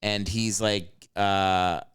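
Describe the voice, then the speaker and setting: A man chatting casually on a podcast as a guest, telling animated, profane stories and acting out what people said. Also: deep voice, extremely slow, clean tone, dry recording, studio quality. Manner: animated storyteller, swears freely, acts out quotes.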